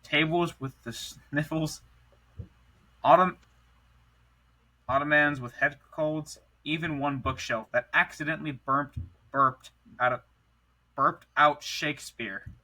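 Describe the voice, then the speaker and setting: A young man with a sharp, bright voice pitched a little high reads a goofy story aloud. He reads playfully, tripping over words and restarting them as he goes. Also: steady tone, slow, pauses often, poor audio. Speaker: podcast co-host. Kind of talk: reading a silly story aloud.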